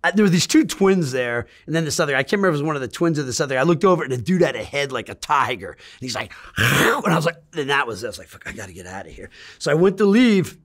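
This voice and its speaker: Middle-aged guy rambling and swearing through a story, talks fast, voice sits a bit high. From Great Lakes region of the US. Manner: rambling, profane, animated storytelling. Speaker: interviewee. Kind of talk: casual storytelling in an interview.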